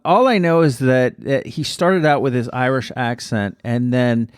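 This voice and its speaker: A man co-hosting a podcast, telling jokey, animated stories in a casual chat. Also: mid-range voice, measured pace, clear, resonant tone, no room sound, studio quality. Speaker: podcast co-host.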